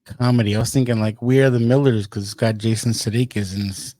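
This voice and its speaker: A man's voice: on the low side, steady tone, fast, mellow, dry recording. A man co-hosting a podcast in casual chat, teasing and wisecracking. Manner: wisecracking, teasing, slips into joke accents. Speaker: podcast co-host.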